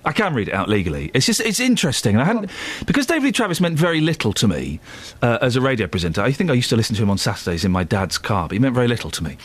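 A man's voice: medium pitch, big pitch swings, rapid-fire, slightly rough. A man hosting a radio show, chatting in a playful, self-mocking way from a studio. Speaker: radio host. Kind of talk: casual radio chat.

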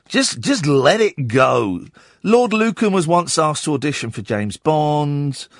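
A man hosting a late-night radio phone-in, rambling and excitable, mocking himself. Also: fairly high pitch, slow, no echo, studio quality. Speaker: radio presenter. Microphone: studio microphone.

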